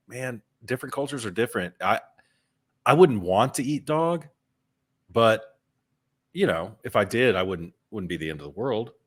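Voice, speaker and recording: A man with a very low voice talks through a relaxed podcast conversation. He tells stories at an easy pace and stumbles over repeated words as he gathers his thoughts. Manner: repeats words while hunting for a thought, storytelling. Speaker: podcast co-host. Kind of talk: casual chat.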